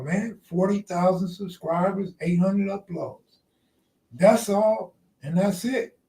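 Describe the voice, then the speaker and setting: A man hosts a casual live stream, trading loose, joking banter with his chat. His voice sits slightly high. He is heard from a distance with a roomy echo. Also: warm tone. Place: outdoors near the ocean.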